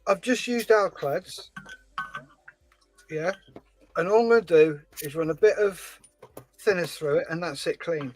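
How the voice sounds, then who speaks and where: A man hosting a scale-modelling livestream, chatting casually and telling stories with animated voices. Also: a little high, measured pace, long pauses, faint music behind, rough recording. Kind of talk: casual chat while building a model.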